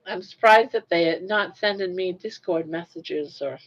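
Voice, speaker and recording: An older woman hosting a casual live chat, chatty and unhurried, who coos at her pet in a doting voice. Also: lowish voice, highs cut off. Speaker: livestream host.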